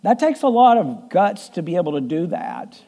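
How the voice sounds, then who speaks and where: Middle-aged male pastor, warm mellow tone, humorous storytelling sermon. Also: high-pitched, huge pitch swings, normal speed. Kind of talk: conversational sermon. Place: church.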